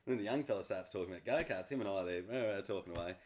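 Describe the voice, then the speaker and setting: Fast-talking, low-voiced New Zealand man. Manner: chatty, rambling, laughs often while telling stories. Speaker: interview guest, hunter. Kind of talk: casual storytelling interview.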